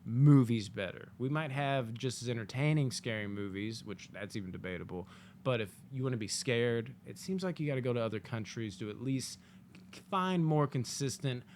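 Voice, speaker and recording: Animated, foul-mouthed male movie reviewer. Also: medium pitch, moderate pace, a little hiss or hum. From United States. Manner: animated, profane, jokey asides with acted-out quotes. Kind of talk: casual spoken movie review.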